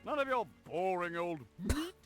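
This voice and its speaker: A woman's voice: mid-range voice, lively intonation, moderate pace, over music, lightly acted. A woman voicing a fussy, upbeat cook in a video game cutscene who proudly serves fancy food to her workers.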